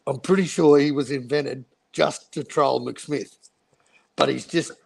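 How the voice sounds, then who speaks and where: A man's voice: medium pitch, measured pace, creaky, darkish tone, breathy edge. A man on a livestream panel, talking bluntly and swearing a lot in casual chat.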